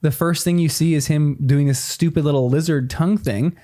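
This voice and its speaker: A man co-hosting a casual podcast chat, opinionated and animated, talking in rapid bursts. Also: fairly high pitch. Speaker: podcast co-host.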